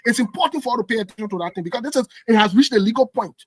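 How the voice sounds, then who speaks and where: Husky man arguing firmly. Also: very high voice, expressive, very fast, dry recording. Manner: insistent, holds the floor with repeated no's. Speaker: political commentator. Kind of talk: heated political debate.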